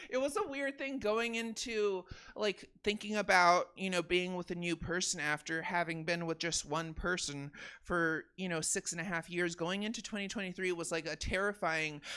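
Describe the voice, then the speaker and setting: A woman in her thirties doing a stand-up comedy set, swinging from quiet confiding asides to loud shouted punchlines. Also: fairly low pitch, moderate pace, clean tone. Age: 30s. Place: comedy theater stage.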